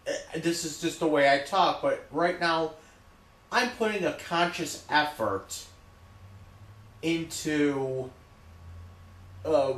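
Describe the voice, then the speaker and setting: Man vlogger, loud and emphatic, drawn-out delivery, roomy echo. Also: on the high side. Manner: loud, repetitive, emphatic, keeps saying okay. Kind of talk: ranting monologue to camera.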